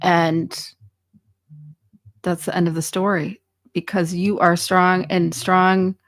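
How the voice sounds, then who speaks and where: A woman's voice: fairly low pitch, little pitch movement, takes it slowly, dry recording, studio quality. A woman hosting a podcast, speaking with passion and emphatic urgency to her guest and listeners. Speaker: podcast host. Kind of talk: podcast conversation.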